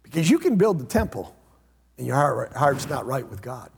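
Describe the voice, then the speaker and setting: A man preaching a sermon as pastor, repeating phrases and swinging between loud emphatic lines and hushed low ones. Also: sing-song, moderate pace, gravelly, breathy edge. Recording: long hall reverb.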